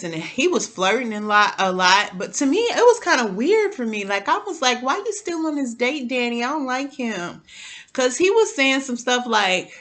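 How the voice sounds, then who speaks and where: Woman, casual TV recap chat, AAVE speech, animated, bright tone. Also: mid-range voice. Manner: animated, talks straight to viewers, repeats words. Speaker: TV recap vlogger.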